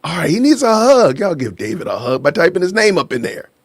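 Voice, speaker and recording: Casting note: animated male livestream host, playful, laughing, slightly high voice, dry close sound. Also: fast talker, dry recording. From Aurora, Illinois. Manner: playful, laughing, shout-outs to chat. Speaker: podcast host. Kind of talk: casual livestream chat. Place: home in Georgia.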